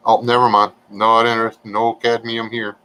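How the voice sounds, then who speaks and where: A man's voice: fairly low pitch, flat delivery, normal speed, pushed and bright, clean tone, low-quality recording. Folksy joking man chatting with viewers. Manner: folksy, joking, reading chat aloud. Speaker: livestream host chatting with viewers. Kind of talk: casual livestream chat.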